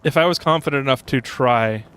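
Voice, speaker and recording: A man's voice: medium pitch, fairly quick, fairly bright tone, clean tone. Young male streamer, casual, rambling, chatty with chat. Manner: rambling, chatty, reads chat aloud, frequent fillers. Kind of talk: casual gameplay commentary.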